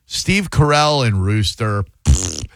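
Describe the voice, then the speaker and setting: A man's voice: medium pitch, moderate pace, dry recording. Man, host, casual chat, sarcastic, teasing, dry close sound. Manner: sarcastic, teasing, mock-friendly. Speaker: podcast host.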